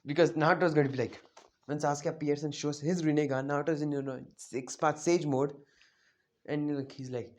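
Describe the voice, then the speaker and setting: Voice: medium pitch, fairly even intonation, a little fast, darkish tone. A fan storyteller casually narrating an anime what-if plot off the cuff, rambling with many fillers and self-corrections.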